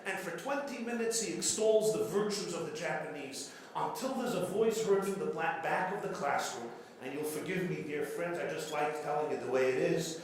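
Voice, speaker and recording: A man's voice: fairly high pitch, moderate pace, hardly any pauses. A man, a rabbi, giving an after-dinner keynote speech, telling jokes and repeating phrases for dramatic effect. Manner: storytelling with jokes and dramatic repetition. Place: large banquet hall. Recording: very echoey hall with faint room noise.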